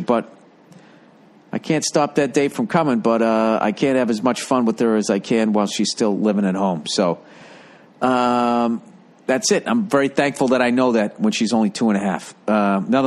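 A man's voice: on the low side, normal speed. Blunt, profane man hosting a podcast. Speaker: podcast host and stand-up comedian. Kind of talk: casual podcast monologue, reading listener mail.

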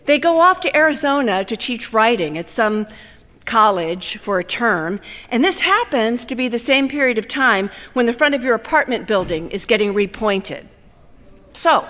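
A woman reading a personal essay aloud, telling it in a wry, deadpan second-person voice. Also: fairly high pitch. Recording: long hall reverb.

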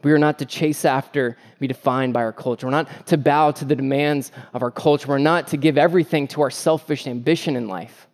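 A man's voice: mid-range voice, steady tone, a little fast, few pauses. A man preaching a sermon as pastor, earnest and emphatic, with repeated phrases and joking asides about family life.

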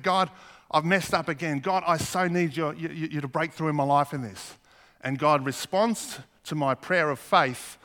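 A man's voice: on the high side, pushed and bright. A man preaching a sermon, earnest, asking the congregation questions as he reads scripture. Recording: long hall reverb.

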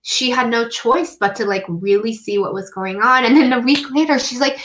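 Here a U.S. woman joins a conversation as a guest and tells a story from her own life with sincerity, slowing down certain phrases to stress them and leaning heavily on "um" and "like." The pitch is a little high, the tone slightly bright, and the audio poor.

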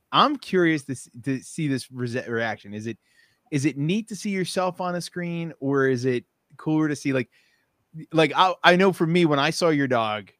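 A woman's voice: low voice, no echo, studio quality. A woman hosting a casual interview, asking friendly questions with frequent restarts. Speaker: interview host.

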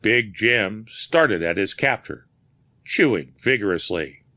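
Male narrator, unhurried, deliberate, bright tone, dry close sound. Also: fairly low pitch, animated, no room sound. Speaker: audiobook narrator. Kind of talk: scripted narration.

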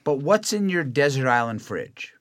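Lively, playful male podcast host. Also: mid-range voice, normal speed. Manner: playful, joking interviewer. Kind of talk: casual interview chat.

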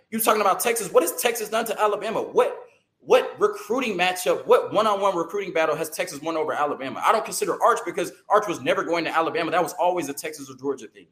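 A man hosting a sports show, delivering a heated, opinionated rant full of rhetorical questions and tag-on "right?", talking fast and stumbling over words when excited. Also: high voice, echoey room, low-quality recording.

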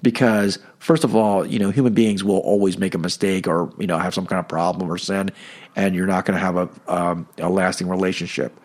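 A man's voice: deep voice, fairly even intonation, brisk, a little mellow. A middle-aged man giving a conversational teaching talk on Catholic faith, full of "you know" and "okay.". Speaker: Catholic speaker.

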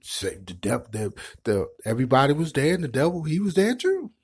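A man's voice: medium pitch, huge pitch swings, fairly quick, husky. A middle-aged man hosting an online show, giving impassioned commentary in a preachy way and repeating words as he builds his points. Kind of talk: impassioned live-stream commentary.

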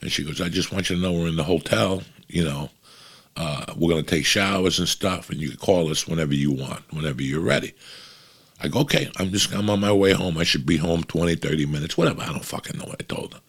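A man's voice: low-pitched, quick pace, vocal fry, slightly rough. A man, a comedian telling a long story in a profane, rambling, casual way.

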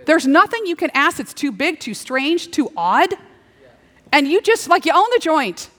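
A middle-aged woman preaching a sermon, playful and animated, slipping into little acted-out dialogues. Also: high-pitched, normal speed. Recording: long hall reverb.

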